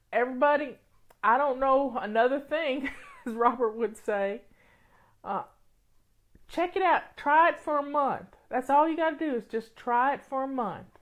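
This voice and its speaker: A woman hosting a casual livestream, reading comments, tearful and sniffly, rambling with many restarts. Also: mid-range voice. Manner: rambling, warm, frequent restarts and laughs. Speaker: livestream host.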